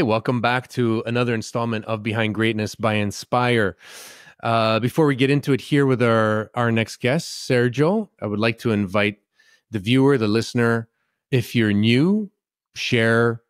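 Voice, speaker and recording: A man's voice: mid-range voice, unhurried, no room sound, clean studio sound. A male podcast host opening the show, hesitant and self-deprecating, with many fillers. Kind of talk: show intro and plug.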